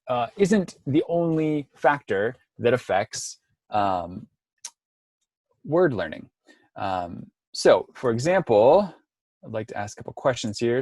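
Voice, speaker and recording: A man's voice: mid-range voice, a little mellow, dry recording, studio quality. A man presenting an online workshop, explaining step by step with frequent ums and restarts over a video call. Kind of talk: online lecture.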